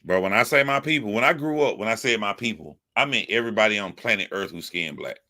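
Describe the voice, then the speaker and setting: A young man rants in a forceful, bright voice that sits a little low in pitch. He swears constantly and hammers his points by repeating them, in a loose, emphatic commentary style. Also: animated, quick pace. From United States. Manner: profane, emphatic, repetitive. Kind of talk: ranting commentary.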